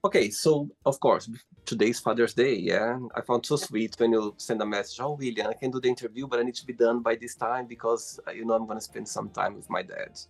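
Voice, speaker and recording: A man's voice: medium pitch, fairly even intonation, brisk, gravelly, few pauses, soft background music. A man hosting a casual interview, asking questions playfully and teasing his guest. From London, England. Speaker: host.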